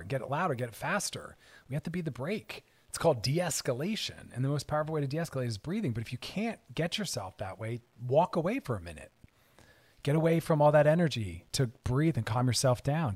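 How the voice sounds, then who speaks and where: A man with a mid-range voice speaks to an audience in an earnest, motivational way. His delivery is emphatic and direct, with the steady push of a therapist coaching people toward calmer habits. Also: medium pitch, breathy edge.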